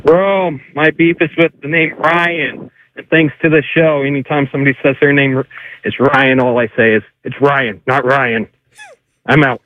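A man's voice: fairly high pitch, steady tone, moderate pace. A man calling into a radio show with a punchy complaint. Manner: punchy, catchphrase sign-off. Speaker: caller. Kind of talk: phoned-in rant. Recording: muffled phone line.

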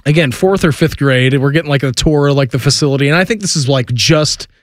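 A man's voice: a little high, fast, no echo, studio quality. A man hosting sports radio, telling stories in a casual, chatty way and laughing often.

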